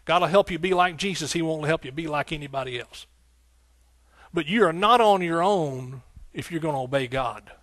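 A pastor preaching with fervor, his voice sitting a little higher than most men's. He builds rhythm through repeated phrases and breaks into hallelujahs, then drops into folksy asides to the congregation. The sound is dry and close, with little room echo. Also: moderate pace, fairly bright tone. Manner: folksy, talking directly to the congregation. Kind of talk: sermon.

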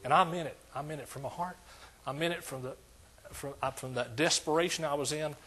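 A man's voice: on the high side, fairly quick, fairly bright tone, breathy edge. An older man preaching a sermon as pastor, emphatic and repetitive in his cadence.

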